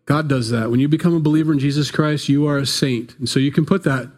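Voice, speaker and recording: A man's voice: a little high, fairly even intonation, quick pace, a little mellow. A man preaching a sermon in a casual, conversational way, telling the story with playful asides. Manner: casual storytelling, acts out biblical characters in playful voices. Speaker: pastor.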